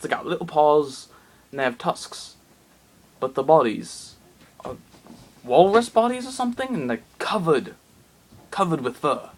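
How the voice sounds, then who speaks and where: Man, comic storytelling, gravelly voice, rambling, excitable. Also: medium pitch. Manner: rambling, excitable, many fillers.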